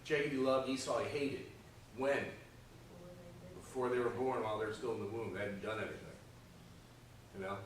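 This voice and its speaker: A man's voice: medium pitch, fairly even intonation, moderate pace, far from the mic, slight background noise. A man teaching a conversational Sunday school Bible lesson, often checking in with his class by asking "okay?" and "right?". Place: church classroom. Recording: echoey room, voice from off-mic.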